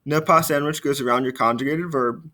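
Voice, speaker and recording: A man's voice: a little high, fairly even intonation. Man teaching French grammar patient lesson voice. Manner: explains grammar patiently, slows down to model French phrases; frequent fillers, trails off quietly at phrase ends. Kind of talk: recorded video lesson.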